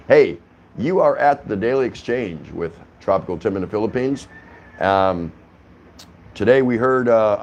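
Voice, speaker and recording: A man's voice: on the low side, a little mellow, slight background noise. A man hosting a casual vlog from his apartment, rambling and chatty with lots of restarts and fillers. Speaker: vlogger host. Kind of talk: casual talking-head vlog. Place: apartment indoors.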